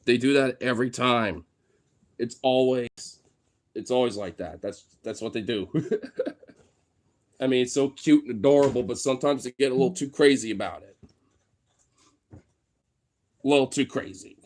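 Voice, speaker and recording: A man's voice: mid-range voice, moderate pace, long pauses. A man casually vlogging at home, talking in a playful, silly voice to his dogs and laughing often. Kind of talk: casual vlog chat.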